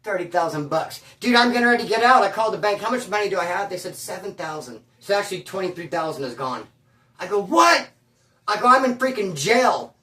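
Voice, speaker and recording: Animated slangy man in an echoey room. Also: sits high, fast talker, hardly any pauses, distant mic. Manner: animated, slangy, acts out quotes. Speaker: guest telling his story. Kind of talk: casual storytelling.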